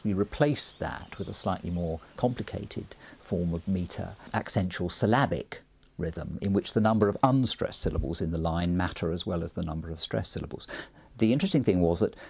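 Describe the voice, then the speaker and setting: Low husky male lecturer. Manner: animated lecturing, reciting rhymes as examples. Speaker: literary scholar. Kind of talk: explanatory interview talk.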